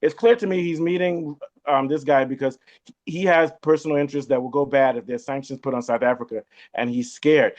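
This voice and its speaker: A forceful man leads a panel discussion, often cutting in on the others. His voice sits a bit high for a man. It comes through dull and lo-fi. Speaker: host. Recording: dull lo-fi sound.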